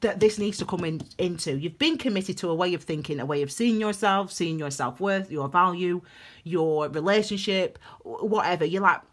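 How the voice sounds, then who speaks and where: A woman's voice: on the low side, lively intonation, normal speed. A woman giving a casual tarot reading, chatty and rambling, laughing often. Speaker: tarot reader.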